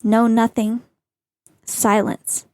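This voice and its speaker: Slow, earnest woman, dry close sound. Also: fairly high pitch, level tone, warm tone, no room sound. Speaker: podcast host. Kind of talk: personal monologue.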